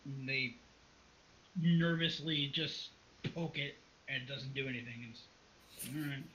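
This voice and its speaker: A man's voice: mid-range voice, steady tone, a little slow, a bit bright, slight background noise. A man narrating a tabletop role-play as game master, casual and full of fillers. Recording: dull lo-fi recording.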